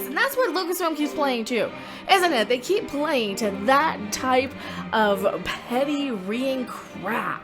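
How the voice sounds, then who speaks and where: Sarcastic woman ranting over music. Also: high voice. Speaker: commentary channel host. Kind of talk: ranting commentary vlog. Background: background music.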